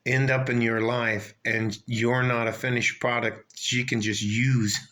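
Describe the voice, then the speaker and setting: A man's voice: medium pitch, flat delivery, unhurried, sharp tone. An older man telling a rambling, profane story in a casual rant, often trailing off and circling back. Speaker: vlogger.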